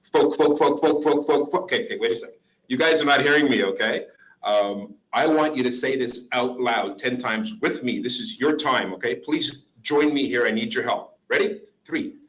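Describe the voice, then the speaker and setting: A man presenting an interactive workshop, animated and coaxing the audience to join in. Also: medium pitch, moderate pace, low-quality recording. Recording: online webinar.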